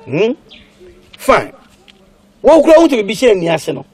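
A man's voice: high-pitched, sing-song, normal speed, a little mellow, slightly rough, heavily acted. An actor playing a stern man who lectures his family in a film drama. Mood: lecturing.

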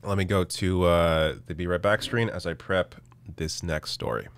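Indignant low-voiced male stream host. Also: steady tone, normal speed. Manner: indignant, sarcastic, reads quotes aloud then reacts. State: losing his voice. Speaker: political commentary host. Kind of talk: live-streamed news commentary.

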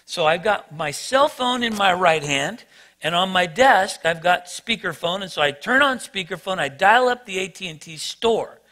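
Brief: male pastor, high bright voice, lively self-deprecating storyteller. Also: moderate pace. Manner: animated, self-mocking storyteller. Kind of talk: sermon storytelling.

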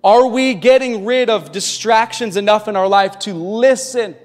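A man preaching a sermon as pastor, with impassioned delivery that swings from loud to hushed. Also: high-pitched, moderate pace, few pauses, faint music behind. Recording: long reverb of a large hall.

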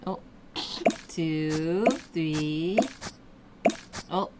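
A woman's voice: sits low, steady tone, extremely slow. A young adult woman playing a game with her child, coaching and cheering her on in casual chat. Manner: coaching, encouraging, exclaiming. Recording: loud background noise.

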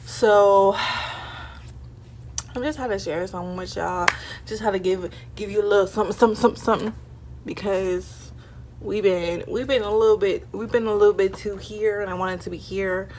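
A woman's voice: medium pitch, normal speed. Chatty young woman vlogger, lots of "like". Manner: chatty, animated, many fillers like "like" and "y'all". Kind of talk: casual storytime vlog. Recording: faint background noise.

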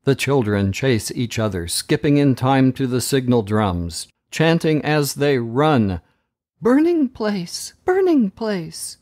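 A man hosting a podcast, reading a story chapter aloud in a dramatic, measured way. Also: mid-range voice, lively intonation. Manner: slow, measured and dramatic, with raised voices for quoted shouts.

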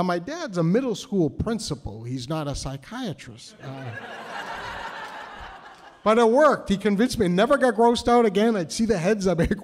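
A man tells a story live on a stage, his voice sitting a little high for a man. He is animated and self-mocking and keeps laughing as he goes. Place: stage in a cultural center.

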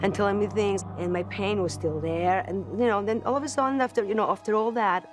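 A woman telling of a ghost encounter in a documentary interview, halting and repeating her words as she goes. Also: medium pitch. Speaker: celebrity guest recounting a ghost story. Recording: music bed under the voice. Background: background music.

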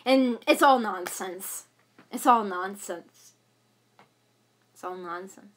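A woman's voice: medium pitch, slow, fairly bright tone. A young woman of about twenty venting angrily on her vlog, talking in rambling bursts full of fillers and repeats. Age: young adult. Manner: agitated ranting, many fillers and repeats. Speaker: vlogger.

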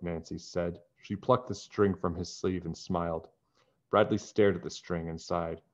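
A man reading a children's book aloud in a calm, even narrating voice. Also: low voice, measured pace. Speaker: storybook reader. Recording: dull lo-fi recording.

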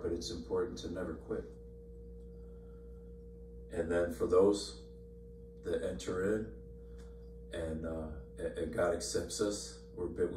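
A man leading an informal Bible study, talking conversationally with many fillers and repeated words. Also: sits low. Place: church meeting room. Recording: echoey room, far from mic, faint hum.

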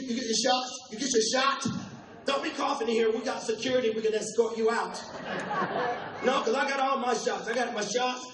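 Older man, high voice, playful stand-up crowd work, tired voice, echoey club, heard from a distance. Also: fairly bright tone. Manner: loose, playful crowd work with quick asides to the audience. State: tired voice from weeks of touring. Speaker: stand-up comedian and impressionist. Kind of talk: live stand-up comedy. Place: comedy club stage before a live audience. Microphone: handheld stage mic. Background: audience laughter and room ambience.

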